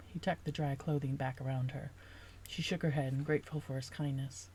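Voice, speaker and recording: A woman's voice: very deep voice, steady tone, a little mellow, a little hiss or hum. Woman reading her own novel aloud. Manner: pauses to rework sentences while reading. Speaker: author.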